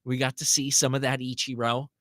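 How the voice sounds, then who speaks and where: Upbeat sports radio host, casual and chatty, bright tone, close dry studio mic. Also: male voice, medium pitch, brisk, no echo. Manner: relaxed, chatty, self-deprecating. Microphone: studio broadcast mic.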